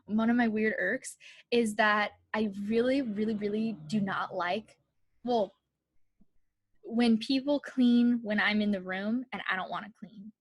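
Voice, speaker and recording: A woman's voice: medium pitch, steady tone, a little slow. Young woman gabbing on a podcast, chatty, says like a lot, laughs a bunch. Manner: chatty, laughs often, many "like" fillers. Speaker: podcast co-host. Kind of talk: casual chat.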